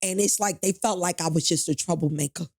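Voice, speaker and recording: A woman's voice: on the low side, fairly quick, gravelly, darkish tone, slightly rough, dry recording. A middle-aged woman guest on a podcast, retelling a painful personal story in a blunt, profane, emphatic way.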